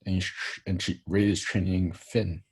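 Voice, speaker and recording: A man chatting casually, talking low and murmuring into a laptop microphone, with lots of fillers. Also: level tone, unhurried, a little mellow, husky. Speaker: co-host. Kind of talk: casual chat.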